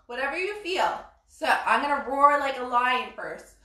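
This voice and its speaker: High-pitched woman leading kids' yoga. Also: expressive, normal speed, bright, forceful tone. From Brooklyn. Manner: cheerful, encouraging, sing-song cues. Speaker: yoga instructor. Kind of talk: live-streamed kids' yoga class. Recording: roomy echo, mic at a distance.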